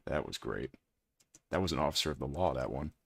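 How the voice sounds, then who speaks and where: A man with an extremely deep, gravelly voice, chatting casually with his live-stream chat while playing a game and teasing viewers. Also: animated, brisk. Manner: chatty, teasing, reads and answers chat aloud.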